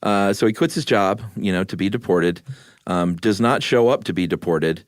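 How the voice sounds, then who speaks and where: A man co-hosting a podcast, telling the story in a relaxed way with a few fillers. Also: low voice, normal speed, no room sound, studio quality. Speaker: podcast co-host. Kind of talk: casual chat.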